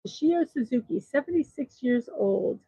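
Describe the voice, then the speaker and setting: A woman's voice: sits high, lively intonation, normal speed, warm tone, slightly rough, dry recording, muffled recording. A woman hosting a daily morning show, reading birthday and trivia notes aloud with small personal asides between items.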